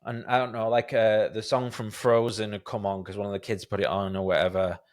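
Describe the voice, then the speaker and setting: A man's voice: fairly low pitch, level tone, a little fast. A man hosting a casual podcast, talking hesitantly with stammers and restarts and making light of himself.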